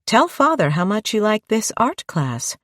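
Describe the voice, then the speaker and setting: A woman voicing a young mother in an audiobook, coaxing and bright. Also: medium pitch, sing-song, measured pace, dry recording, clean studio sound, pitched above the performer's own voice.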